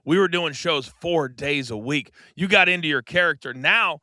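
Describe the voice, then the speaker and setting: A middle-aged American man with a very bright, forceful voice, spinning a story for his co-host. He acts out the lines of the people in it and swings between hushed asides and loud bursts. The studio sound is close and dry. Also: on the high side, normal speed, no room sound. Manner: animated storyteller, acts out quoted dialogue. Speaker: podcast co-host. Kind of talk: casual storytelling chat.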